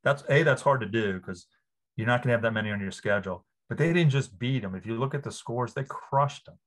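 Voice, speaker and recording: A man in his fifties from Louisiana, a sportswriter guest on an interview, telling stories with lively enthusiasm. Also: medium pitch, fairly quick. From New Orleans area, Louisiana. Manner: enthusiastic, animated storyteller. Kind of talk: casual interview.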